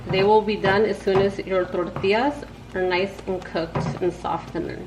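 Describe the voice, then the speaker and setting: A woman's voice: medium pitch, steady tone, moderate pace. A woman hosting a casual cooking vlog from her home kitchen, chatty and slangy, talking straight to her viewers. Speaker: home cook host. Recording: echoey room with background noise.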